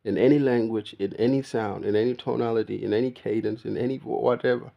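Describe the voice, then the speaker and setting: A man's voice: medium pitch, steady tone, fast talker, vocal fry, dull audio. A man talking casually straight to the viewer in a rambling monologue, often calling the listener "bro" and mimicking the greetings of other people. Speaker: vlogger.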